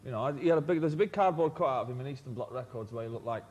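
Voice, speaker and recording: A man's voice: mid-range voice, very fast, darkish tone, dull audio. A man, a guest in an interview, telling wry, rambling anecdotes with stumbling restarts. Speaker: band member guest.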